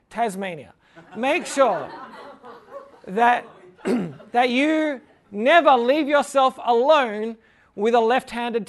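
A high-voiced man gives an informal Bible talk full of jokes. He chuckles along and leans on "like" as he retells the story in a casual teaching style. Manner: jokey, chuckling, fills talk with "like".

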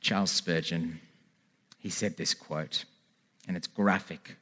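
A man's voice: sits low, fairly even intonation, takes it slowly, sharp tone. A man preaching a sermon in a church, with earnest, pleading calls to turn to God. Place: church hall with a congregation.

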